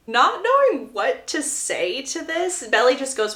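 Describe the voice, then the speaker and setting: Animated female book recapper, gossipy, very expressive pitch, echoey room. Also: moderate pace, few pauses.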